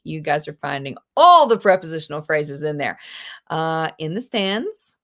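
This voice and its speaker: Chatty teacher on a video call. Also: female voice, low-pitched, moderate pace. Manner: lively, chatty, gasps with delight, quotes movie lines in put-on voices. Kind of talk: live online class, casual teaching.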